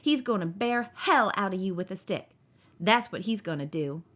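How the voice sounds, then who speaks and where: A woman's voice: mid-range voice, animated, normal speed, natural voice. A giant imaginary rabbit sneers and taunts in a scornful voice, as a woman reading a storybook puts it on. The recording sounds dull and lo-fi. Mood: taunting.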